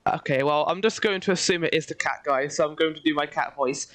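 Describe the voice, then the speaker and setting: A woman giving playful, excitable let's-play commentary between reading game dialogue aloud. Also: low voice, normal speed, no room sound. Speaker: game streamer.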